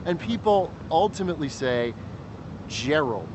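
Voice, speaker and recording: A man's voice: sing-song, brisk. A male interviewer in friendly casual chat who agrees often and teases his guest. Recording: noisy rumbling background.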